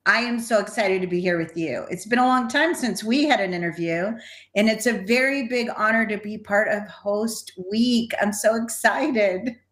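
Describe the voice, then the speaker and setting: A woman's voice: medium pitch, moderate pace, fairly bright tone. Enthusiastic middle-aged woman, echoey room. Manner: enthusiastic, laughs easily. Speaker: host agency owner and CEO. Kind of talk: webinar interview.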